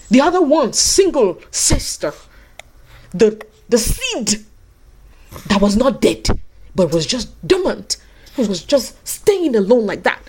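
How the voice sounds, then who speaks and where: A woman preaching a sermon in an animated way, swinging from soft asides to high cries and acting out the voices in her stories. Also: takes it slowly, pauses often, a little hiss or hum. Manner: acts out quoted voices in her teaching.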